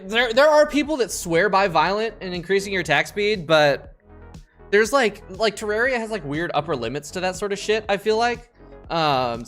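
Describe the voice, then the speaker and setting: With game music behind him, a young man with a fairly bright, higher-pitched voice chats casually while streaming a game. He rambles and swears often through his commentary.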